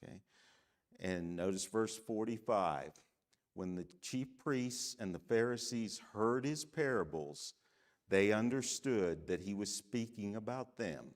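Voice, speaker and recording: Slow, deep-voiced man teaching a Bible class. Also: lively intonation. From United States. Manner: measured, emphatic, frequent "Okay?" checks. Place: church classroom.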